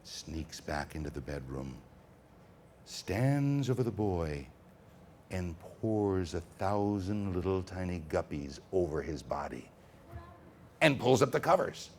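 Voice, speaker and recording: A man telling stories to children at a school, dramatic and animated, swinging from whispers to booms. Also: slow, slight background noise. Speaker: storyteller. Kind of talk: storytelling to children.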